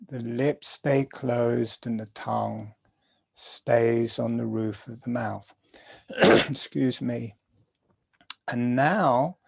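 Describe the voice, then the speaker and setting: A man slowly guiding listeners through a breathing exercise in a soft, calm voice. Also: medium pitch, gravelly. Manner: slow, soft-spoken, calm guidance. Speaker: breathwork teacher. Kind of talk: guided breathing instruction.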